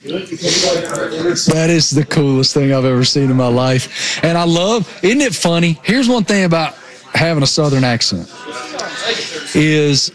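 Animated man with an Appalachian drawl. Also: on the high side. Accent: rural Appalachian. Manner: animated, self-mocking, joking. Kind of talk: casual chat. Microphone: remote call over satellite internet.

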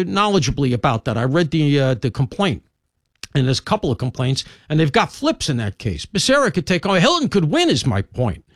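A man's voice: fairly high pitch, no echo, clean studio sound. A man hosting a talk show, delivering a rambling, opinionated monologue full of asides and emphatic jabs.

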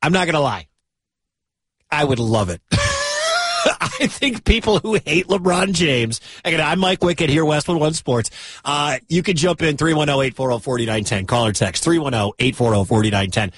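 A man hosting sports talk radio, excitable and given to loud bursts of enthusiasm. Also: a little high, fairly quick, breathy edge.

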